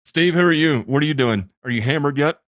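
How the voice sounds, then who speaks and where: A man's voice: a little high, a little fast, no room sound, lo-fi sound. A man hosting a podcast in casual chat, joking and teasing his guests and swearing freely. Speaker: podcast host.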